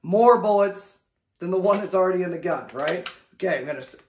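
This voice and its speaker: A man's voice: high voice, lively intonation, fairly quick, reverberant, a little hiss or hum. A man giving a firearms lesson as an instructor, talking in a drill-like way and checking in with "okay?" after each step. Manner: drill-like, repeats "okay?" and key phrases. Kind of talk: instructional demonstration.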